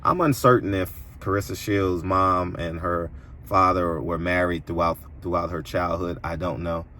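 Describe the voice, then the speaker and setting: A man delivering an opinionated commentary monologue as a boxing commentator, preachy and emphatic, his voice jumping higher when indignant. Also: steady tone, moderate pace, sharp tone, a little hiss or hum.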